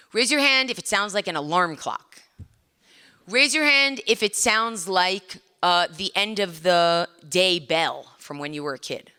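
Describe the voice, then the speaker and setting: A middle-aged woman giving a conversational lecture to a live audience in a lecture room, putting questions to the listeners and acting out little scenes. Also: medium pitch. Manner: animated, acts out little scenes.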